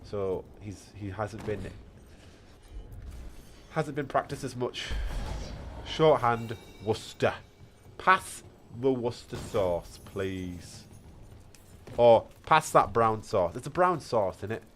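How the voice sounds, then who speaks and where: A man with a British accent chats loosely while he plays, answering viewers with a playful, rambling ease. His voice sits a little low. A faint hiss runs under the recording. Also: animated, slow, pauses often. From Britain. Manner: chatty and playful, reading chat aloud. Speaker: streamer. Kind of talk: casual chat while gaming.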